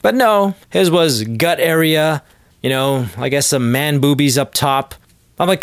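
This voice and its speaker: A man's voice: fairly high pitch, unhurried, smooth, no room sound, studio quality. A man hosting a podcast, telling a rambling, sardonic comedic story. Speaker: podcast host. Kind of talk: comedic monologue.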